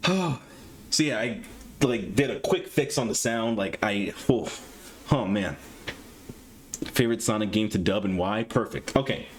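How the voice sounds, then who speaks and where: A man's voice: lowish voice, lively intonation, a little slow, long pauses, slight background noise. A man hosting a live stream between interview segments, talking to his chat in a jittery, self-deprecating way with nervous laughter. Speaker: stream host interviewing a voice actor.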